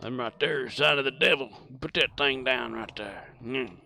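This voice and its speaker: A man plays a suspicious country man who distrusts technology, grumbling in a drawl. The voice sits at an everyday middle pitch and mocks as it goes. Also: normal speed, creaky, pushed and bright, a little hiss or hum.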